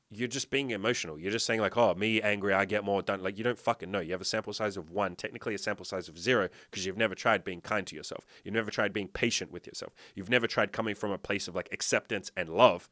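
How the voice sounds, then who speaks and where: A man's voice: lowish voice, sharp tone, no room sound, clean studio sound. A man coaching his viewers on fitness and dating in a blunt, profane, emphatic way, often asking them rhetorical questions. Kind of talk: direct-to-camera motivational talk.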